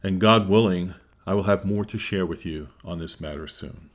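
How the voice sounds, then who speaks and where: Deep-voiced man teaching from scripture. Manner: earnest, measured reading of scripture. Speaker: Bible teacher.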